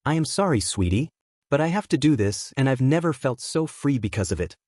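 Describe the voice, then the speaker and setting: A man's voice: mid-range voice, lively intonation, brisk, darkish tone, no echo, clean studio sound, lightly acted. A man voicing a weary middle-aged mother in a fan story reading, condescending and cold.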